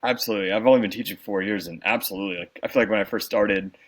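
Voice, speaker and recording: A man's voice: on the low side, fairly even intonation, racing, slightly rough. A young man, a teacher co-hosting a casual podcast chat, talking in a laid-back, joking way.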